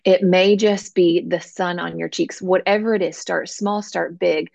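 A woman guest, an author and coach, telling her faith story in an earnest, animated way on a podcast interview. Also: fairly low pitch, a little slow, gravelly, no room sound, highs cut off.

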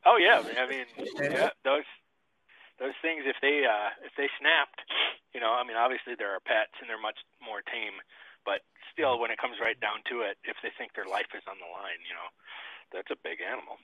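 A man telling a story in a folksy, animated way, as a guest on a casual chat over a video call. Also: mid-range voice, moderate pace, no room sound. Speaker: guest, trapper and shooter. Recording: tinny satellite video call.

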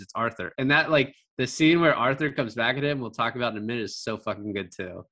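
A man with a bright, forceful voice chats casually about a film. He gets animated, drops swear words for emphasis and acts out the characters' lines in his own voice. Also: mid-range voice, quick pace, few pauses. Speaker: podcast co-host discussing a film. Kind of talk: casual conversation.

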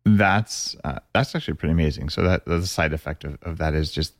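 A man's voice: extremely low pitch, no room sound, studio quality. A man hosting a podcast, chatting enthusiastically with his guest in a casual interview. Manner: enthusiastic, chatty, quickens when animated. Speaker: podcast host.

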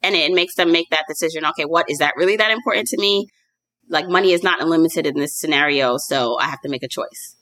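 A woman co-hosting a casual conversation, telling quick anecdotes with a laugh. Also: low-pitched, a bit bright, no room sound. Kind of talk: casual chat.

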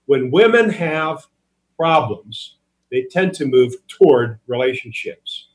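A man's voice: medium pitch, lively intonation, slow, low-quality recording. A man, a guest author, earnestly telling a story and teaching in a podcast interview, with a preacher's cadence, often repeating words as he starts sentences.

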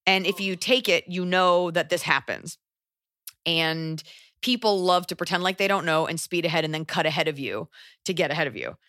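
Woman, podcast co-host, rambling and animated, lowish pitch, dry close sound. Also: normal speed, no echo. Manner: rambling, animated, swears casually. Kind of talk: casual advice chat. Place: Los Angeles area.

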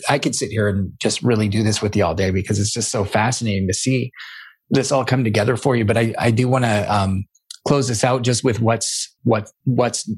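A man hosting an interview, asking halting, encouraging questions with many restarts. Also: lowish voice, breathy edge. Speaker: interview host. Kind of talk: podcast interview.

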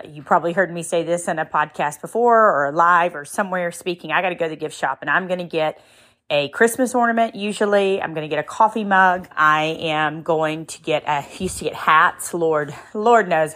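A middle-aged woman hosting a motivational podcast, speaking earnestly and emotionally, moved to tears at times. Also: low voice. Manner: warm, emotional, earnest, cries easily. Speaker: podcast host.

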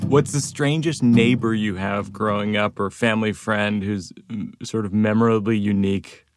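A man's voice: fairly low pitch, no room sound, studio quality, soft background music. A man in casual chat who laughs easily and tells comic stories. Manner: lively, quick to laugh, tells comic bits. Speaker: comedian guest.

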